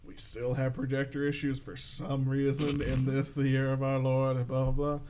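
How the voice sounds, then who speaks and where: A man's voice: medium pitch, completely flat delivery, moderate pace, warm tone, slight background noise. A man co-hosting a podcast in casual chat, throwing in dry, teasing, sarcastic remarks. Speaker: podcast co-host.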